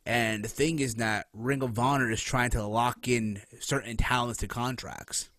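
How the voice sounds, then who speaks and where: A man hosting a casual wrestling podcast, animated and profane, who keeps tossing in "right?" between points. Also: mid-range voice, unhurried, heavy background noise. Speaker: podcast host.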